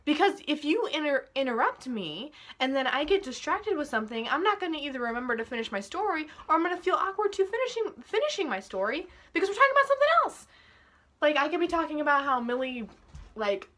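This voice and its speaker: A young woman venting to camera about pet peeves, profane and exasperated, her voice rising into loud outbursts. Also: high-pitched, expressive, fast talker. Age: young adult. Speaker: vlogger.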